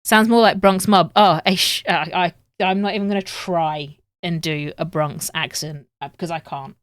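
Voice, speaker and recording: A woman's voice: lowish voice, steady tone, moderate pace, dry recording. A woman chatting casually on a live stream while she sews at home, joking at her own expense and swearing freely. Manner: chatty, self-mocking and swearing.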